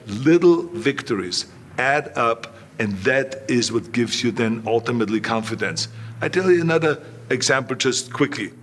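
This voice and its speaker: A man's voice: mid-range voice, fairly bright tone. An older man, an interview guest who tells stories emphatically, often repeats himself and acts out dialogue. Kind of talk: anecdotal storytelling in an interview.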